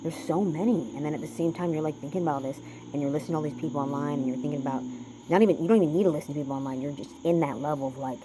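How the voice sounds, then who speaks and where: A man's voice: a little high, very fast, background noise. A man rambling through a spiritual card reading, swearing often and lecturing his listeners. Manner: profane, preachy, talks to himself. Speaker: spiritual vlogger doing a reading.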